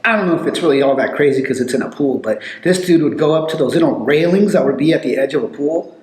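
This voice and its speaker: A man telling loose, animated stories in a casual chat, with lots of fillers. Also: on the high side, fast. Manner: rambling, animated storytelling with many fillers. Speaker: podcast guest telling stories. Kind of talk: casual storytelling. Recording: echoey room.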